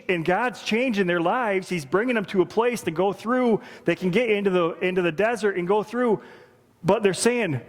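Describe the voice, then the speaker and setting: A man's voice: high-pitched, a little fast. A man preaching a sermon, earnest and repeating phrases for emphasis. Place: church sanctuary. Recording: reverberant church hall.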